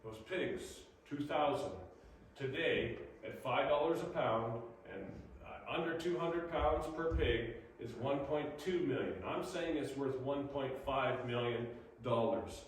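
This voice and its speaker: A male pastor delivers a sermon with lively, animated preaching and acts out the people in his stories. His voice sits at an ordinary pitch. The sound is very echoey and picked up from a distance, with a faint room hum behind him. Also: a little slow.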